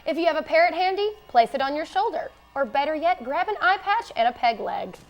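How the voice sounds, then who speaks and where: High-voiced young woman anchoring student news. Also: animated, a little fast, lo-fi sound. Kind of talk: student newscast.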